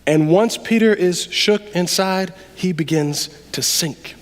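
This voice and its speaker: High-voiced preacher in a reverberant church. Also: male voice, slow. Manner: conversational, animated preaching with sudden drops to quiet. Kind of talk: sermon. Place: church sanctuary. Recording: long reverb of a large hall.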